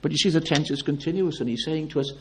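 A man preaching a sermon with fervent, declamatory delivery, swinging from loud emphatic peaks to low, quiet appeals. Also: quick pace, slight background noise.

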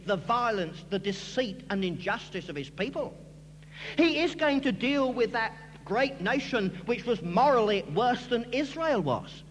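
A man preaching an expository sermon, with emphatic, rising and falling delivery in a large hall. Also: high-pitched. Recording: long hall reverb with faint hum.

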